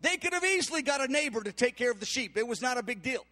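A man delivers a sermon in a strikingly high voice, retelling a Bible story with animated energy. He slips into the voices of the characters as he goes. His voice carries a long reverb, as if filling a large church hall. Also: fast talker. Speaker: preacher.

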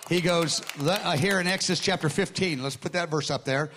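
High-voiced man preaching a sermon. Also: a little fast, hardly any pauses, slight background noise. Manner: animated storytelling, acting out quoted dialogue; repeats words when starting phrases.

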